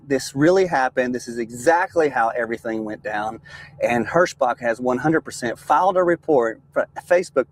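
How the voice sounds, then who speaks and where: A young adult man, a truck driver, casually telling a story to his viewers, lively and laughing, often calling them man and dude. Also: mid-range voice. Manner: animated, laughing, says man and dude a lot. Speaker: trucker and channel host.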